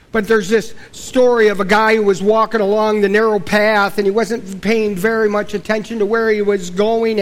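Male pastor, high voice, casual storytelling sermon delivery. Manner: folksy storytelling preacher, dropping low and quiet for solemn points.

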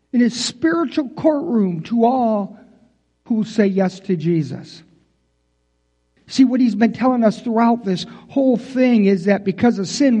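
A man's voice: high voice, mellow, lo-fi sound. A pastor preaching a conversational sermon in a folksy way, talking straight to his congregation.

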